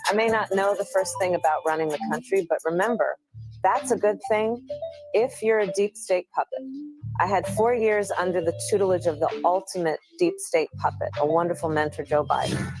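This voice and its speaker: A woman's voice: fairly low pitch, brisk, a little mellow, close to an everyday voice, low-quality recording. Brief: woman doing self-satisfied politician lampooning herself, rambling and smug, ad with music underneath. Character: smug female politician mocking herself in a parody ad.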